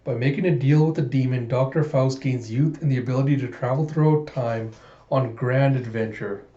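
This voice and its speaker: Mellow-voiced man retelling a comic with laughter; dull, roomy home recording. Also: medium pitch, moderate pace. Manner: animated retelling, laughing often. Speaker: channel host. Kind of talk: comic book readthrough. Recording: muffled echoey room.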